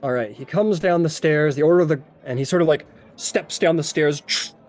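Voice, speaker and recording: A man's voice: on the high side, normal speed, darkish tone, faint music behind. A man running a tabletop game as game master, rambling and descriptive with many fillers.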